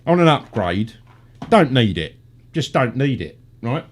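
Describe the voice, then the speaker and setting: A man's voice: mid-range voice, very animated, measured pace. A middle-aged man, hosting a casual radio chat and ranting with heavy swearing. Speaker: radio show host.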